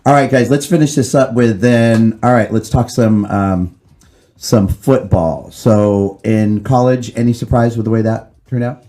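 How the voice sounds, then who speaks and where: A man hosting a podcast, chatting casually and telling a story in a relaxed way. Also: on the low side, a little slow. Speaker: podcast host. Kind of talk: casual chat.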